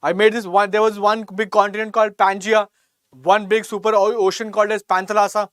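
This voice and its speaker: A man's voice: high-pitched, flat delivery, brisk, fairly bright tone, clear, resonant tone, dry recording. A man with an Indian English accent teaching a live online quiz class, encouraging students by name and repeating each question. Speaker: exam coaching teacher.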